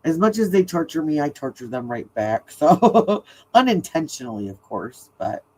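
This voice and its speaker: A woman's voice: deep voice, sing-song, normal speed, darkish tone, poor audio. A middle-aged woman hosting a true crime livestream, chatting casually and laughing often as she tells stories.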